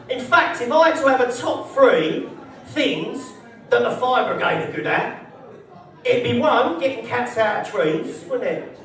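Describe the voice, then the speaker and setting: A man's voice: extremely high pitch, animated, unhurried, a bit bright, very echoey, recorded from a distance. A man performing a live stand-up set in a social club, brash, sweary and mocking. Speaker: stand-up comedian. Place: social club comedy night, indoors.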